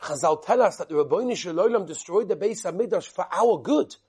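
A man acts out a saintly old rabbi in a retold tale, dropping his voice lower and speaking with grave, patient earnestness. There's a husky grain to it, and each point is laid out carefully. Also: expressive, darkish tone. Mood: solemn. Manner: solemn, explaining slowly.

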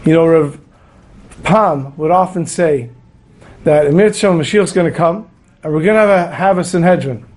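Higher-voiced man giving a Torah talk. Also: normal speed, darkish tone. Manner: earnest, storytelling with acted quotes. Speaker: rabbi teaching a weekly Torah class. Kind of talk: Torah lecture with storytelling.

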